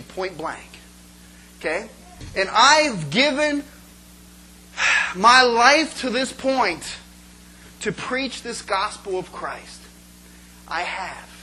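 Guy preaching in church, bright voice, goes from low chatty bits to loud pleading. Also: a little hiss or hum, rough recording. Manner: passionate, swinging from soft asides to loud pleading. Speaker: pastor. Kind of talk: sermon.

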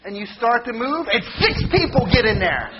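A man preaching a humorous sermon, telling jokey stories with animated mock shouting. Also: extremely high pitch, normal speed, highs cut off, background noise.

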